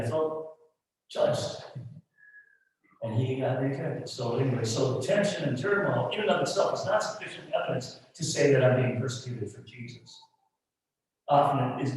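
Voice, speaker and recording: A middle-aged male pastor preaching a sermon in a church, talking frankly and conversationally, dropping to soft asides and rising to loud emphatic peaks. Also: medium pitch. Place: church sanctuary. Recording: roomy echo, mic at a distance.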